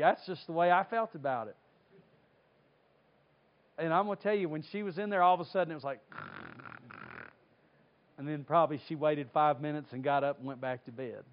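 A man from North Carolina, preaching a sermon and telling stories with lively acted-out voices. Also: on the high side, fairly quick, pauses often, muffled recording. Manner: animated storytelling, acts out voices. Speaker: pastor.

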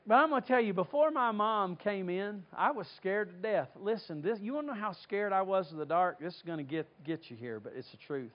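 A man from North Carolina, preaching a sermon and telling stories with lively acted-out voices. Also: sits high, brisk, few pauses, highs cut off. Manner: animated storytelling, acts out voices. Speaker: pastor.

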